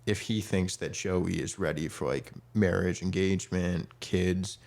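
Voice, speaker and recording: Low gravelly man chatting, rambling. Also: fairly even intonation, a little slow, a little mellow. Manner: rambling, many fillers, acts out quotes. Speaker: podcast co-host. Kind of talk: casual chat.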